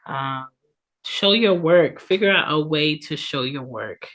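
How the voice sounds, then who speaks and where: A woman in her thirties, congested from allergies, hosts her own podcast in a casual chatty style packed with ums and tag questions. Her voice sits low and a bit bright, and she speaks slowly but expressively.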